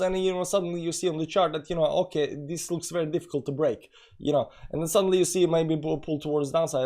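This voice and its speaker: A man's voice: on the high side, a little mellow. A man hosting a live stream, explaining chart analysis in a rambling way full of "you know" fillers. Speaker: crypto channel host. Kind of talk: casual live-stream chat.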